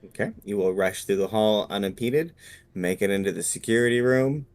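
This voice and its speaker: A man narrating scenes and rules as game master of a tabletop role-playing game, in a relaxed, descriptive way. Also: fairly low pitch, moderate pace.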